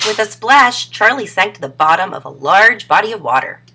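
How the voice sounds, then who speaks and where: A woman reading a children's story aloud in an expressive storytelling manner. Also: mid-range voice, normal speed, few pauses, slightly rough.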